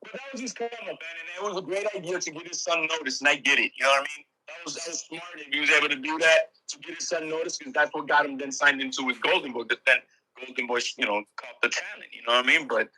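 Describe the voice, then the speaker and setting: A man in a casual live-stream chat, animated and profane, often trailing off mid-thought. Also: a little high, fast, rough recording.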